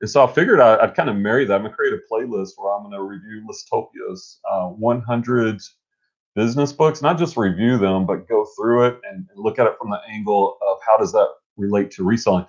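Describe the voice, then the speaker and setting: A middle-aged man co-hosting a casual live stream, energetic and motivational, rambling with restarts. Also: fairly low pitch, brisk. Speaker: co-host. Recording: dull lo-fi stream audio.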